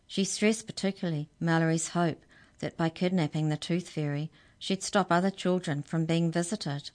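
A woman with a low voice reads a children's story aloud. Her narration is clear and expressive, and she brings the figures in smoothly. She sounds like a seasoned storyteller. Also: normal speed.

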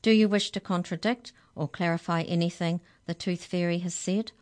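A woman reading a storybook, voicing a stern, brisk female hex checker who asks clipped questions. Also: on the low side, fairly even intonation, a little mellow, lightly acted.

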